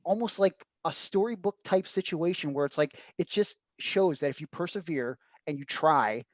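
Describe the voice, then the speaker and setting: A man's voice: on the high side, expressive, moderate pace, no echo. A man hosting a podcast, talking in an enthusiastic, profane way and repeating words as he starts sentences. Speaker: podcast host, wrestler. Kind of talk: casual podcast chat.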